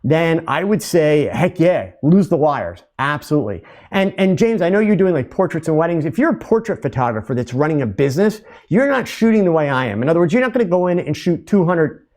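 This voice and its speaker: A middle-aged man hosting a live podcast Q&A, talking in an energetic, loud, animated way and telling stories. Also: on the high side. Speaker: podcast host.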